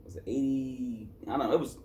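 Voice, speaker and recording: A man's voice: medium pitch, fairly even intonation, a little fast, mellow, slight background noise. A man from Boston reviewing a hip-hop album in loose, rambling casual chat, tired after a work shift and full of fillers and self-corrections.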